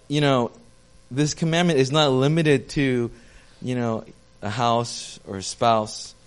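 A man's voice: mid-range voice, clear, resonant tone. Joking, chatty young pastor, a man. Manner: chatty, self-deprecating, talks with the audience. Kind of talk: casual sermon to a small congregation.

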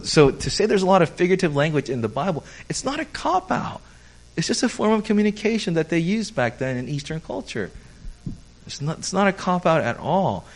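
A man, a pastor, teaching a conversational sermon, explaining step by step and checking in with his listeners. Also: medium pitch. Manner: explains step by step, checks in with "okay?", acts out quoted people.

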